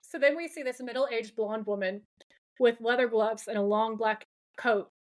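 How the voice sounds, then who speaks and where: Animated woman retelling a TV episode. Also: on the high side, normal speed. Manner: animated, acts out the characters' lines while retelling scenes. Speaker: podcast co-host. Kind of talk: casual chat, recapping a TV episode.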